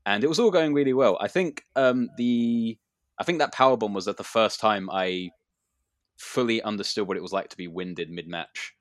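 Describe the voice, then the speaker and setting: A man's voice: fairly low pitch, moderate pace, no echo, clean studio sound. A man who wrestles, telling a story in a rambling casual chat with many fillers and restarts.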